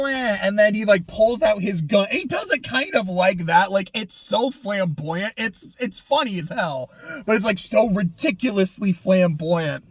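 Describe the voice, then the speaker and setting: A man giving casual, profane and sarcastic video essay commentary as an anime reviewer. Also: high-pitched.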